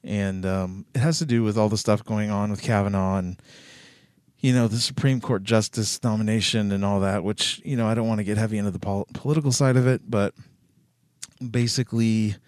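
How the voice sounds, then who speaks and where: A man hosting a casual commentary show in a slightly low voice. He talks loosely, swears and fills his sentences with "you know" and "um". The recording is dry and close. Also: steady tone, brisk, darkish tone, no room sound. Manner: loose and swearing, with many fillers. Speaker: host.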